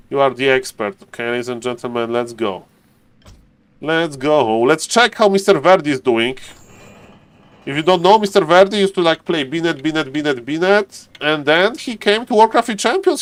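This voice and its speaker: Chatty male game caster, slightly high voice. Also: no echo. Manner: chatty, addresses viewers and players directly. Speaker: esports caster. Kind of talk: casual live game commentary.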